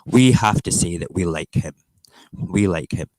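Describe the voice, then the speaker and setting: A man's voice: sits low, measured pace, a little mellow, no room sound. A middle-aged Scottish man hosting a casual morning livestream, reading the papers with sarcastic, sweary, mock-outraged rants. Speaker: livestream host. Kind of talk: morning chat show, ranting about newspaper front pages.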